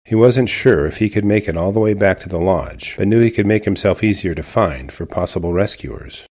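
A man narrating a true wildlife-attack story in a measured, scripted telling. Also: deep voice, expressive, darkish tone.

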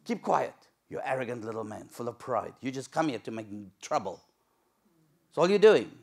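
A man playing an angry older brother, a soldier who taunts and belittles his younger sibling loudly. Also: mid-range voice, sing-song, normal speed, creaky. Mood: scornful.

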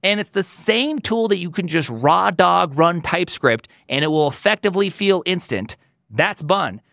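A man talking as a podcast guest in casual tech chat, animated and opinionated, with emphatic delivery. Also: sits high, moderate pace, gravelly, no room sound, studio quality.

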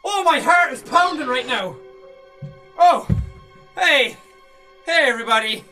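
A man commentating as he plays a horror game, jumpy, swearing and shouting when scared. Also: very high-pitched, animated, a little slow, far from the mic, soft background music. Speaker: gamer playing a horror game. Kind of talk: let's play commentary.

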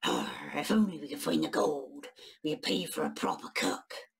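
A woman voicing a gruff male pirate captain with low, slow, growly talk, in a storybook reading. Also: wildly swooping pitch, slight background noise, heavily acted.

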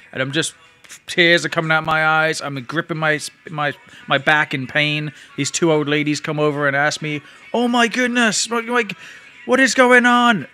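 A man's voice: on the high side, bright, forceful tone. A man vlogging, telling a long personal story in a rambling, emotional way with frequent restarts. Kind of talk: casual storytelling to camera.

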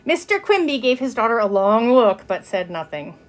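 A woman reading a children's chapter book aloud, with expressive narration. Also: fairly high pitch, moderate pace. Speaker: reader. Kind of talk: storybook narration.

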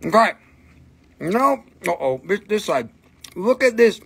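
A man's voice: high-pitched, big pitch swings, unhurried, gravelly, a bit bright, husky. A man hosting a live stream where he sells minerals, chatting casually and joking around, and talking to his dogs between items. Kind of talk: casual live sales chat.

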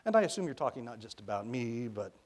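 A calm, wry grown man, voiced by a male reader speaks to a curious child with patient, gently amused warmth in an everyday tone. His pitch stays medium, and nothing about him is exaggerated. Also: fast talker, lightly acted.

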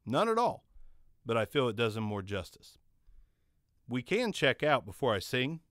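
Here a man speaks at a moderate pace in a mid-range, fairly bright voice with big swings in pitch and no echo. The microphone reviewer and channel host chats casually about the mic under test, rambling and self-deprecating, recorded on a condenser studio mic in his home studio.

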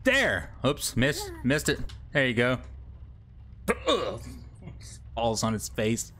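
Young man, let's play commentary, slow, very animated pitch, joking. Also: slight background noise. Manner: joking, talks to the baby, bursts into laughs and yelps. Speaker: gameplay commentator.

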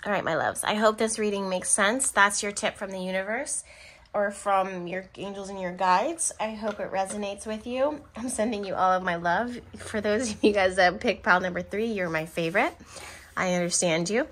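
Bright-voiced woman giving a tarot reading. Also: medium pitch, normal speed. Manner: affectionate, chatty, speaks straight to viewers; laughs between remarks. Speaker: tarot reader. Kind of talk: pick-a-card tarot reading.

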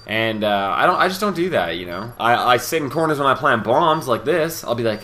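A young man with a bright, forceful voice rambles through commentary over his own gameplay. He talks in a brash, boastful way, swears freely and trips over fillers and restarts. His pitch sits in an ordinary middle range. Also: expressive, fairly quick, slight background noise. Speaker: gaming commentator.

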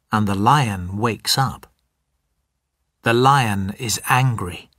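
Slow expressive man reading a story. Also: mid-range voice, husky, no echo, clean studio sound. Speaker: storybook narrator. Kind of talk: scripted narration for learners.

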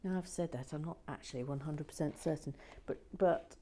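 A woman with a lowish voice chatting casually in her shed as she builds. She teases dryly, drifts into soft whispered asides, then picks back up in an easy conversational tone. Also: fairly quick, a little hiss or hum. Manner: dry, teasing, drops into soft whispers. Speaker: vlog host. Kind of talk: casual chat while building and reading comments.

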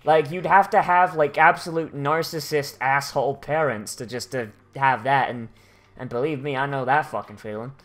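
A woman's voice: very deep voice, steady tone, moderate pace. A young woman hosting a let's play, rambling and sarcastic with heavy swearing as she reads the game's text aloud. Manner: crude, heavily profane, sarcastic, rambling. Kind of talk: gameplay commentary reading game text aloud. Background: faint game music.

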